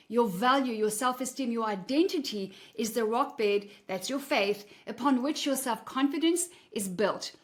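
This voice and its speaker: Blunt, preachy woman with a higher voice. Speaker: podcast host. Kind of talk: faith-based motivational talk.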